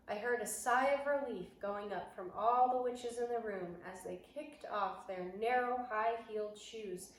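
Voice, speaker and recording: A woman reading a children's novel aloud in an expressive, dramatic way. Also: medium pitch, far from the mic. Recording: echoey room, voice off-mic, faint hiss.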